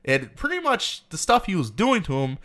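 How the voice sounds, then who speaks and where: A man co-hosting a movie podcast, retelling scenes in a loose, swearing, animated way and acting out the characters' lines. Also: high-pitched, normal speed. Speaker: podcast co-host. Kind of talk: casual movie review chat.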